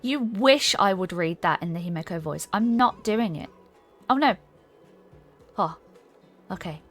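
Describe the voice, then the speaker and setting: A woman streamer chats casually and giggles as she reads chat aloud. Her voice is mid-pitched for a woman. Faint game music plays under her. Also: lively intonation, slow, long pauses. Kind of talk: casual live-stream chat while gaming.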